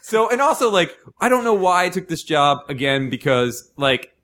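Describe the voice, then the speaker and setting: A man's voice: high voice, sing-song, normal speed, fairly bright tone. A young man telling a long story in casual chat, rambling with lots of "like" and acting out what other people said. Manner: rambling, heavy on "like", acts out other people's lines. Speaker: podcast guest telling a story.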